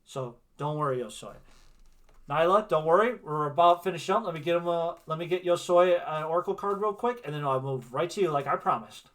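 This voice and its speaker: This is a chatty man who hosts a tarot livestream. His voice sits a little high for a man, and his talk is casual and reassuring, with "right?" tacked onto his points. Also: brisk, a bit bright. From Wisconsin, USA. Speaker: tarot reader and livestream host.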